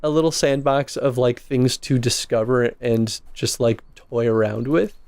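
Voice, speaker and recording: A man's voice: mid-range voice, measured pace, vocal fry, darkish tone, smooth, no echo. A man co-hosting a casual let's play, chatting and explaining game design as he plays, laughing easily. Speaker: co-host.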